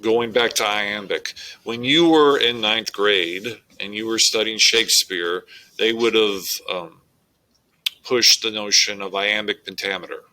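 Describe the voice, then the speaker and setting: A man, teaching a recorded lesson on poetic meter in a slow, deliberate way with frequent fillers. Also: lowish voice, bright, forceful tone, rough recording.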